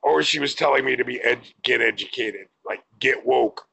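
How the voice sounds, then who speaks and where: Gravelly blunt man ranting. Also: mid-range voice, normal speed, sharp tone, poor audio. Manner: blunt, profane, exasperated. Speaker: vlogger. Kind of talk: opinion rant to camera.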